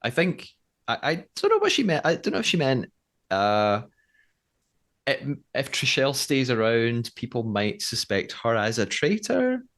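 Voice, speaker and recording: A man's voice: mid-range voice, wildly swooping pitch, unhurried, a bit bright. A man co-hosting a podcast, recapping a show in casual chat and laughing often. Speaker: podcast co-host.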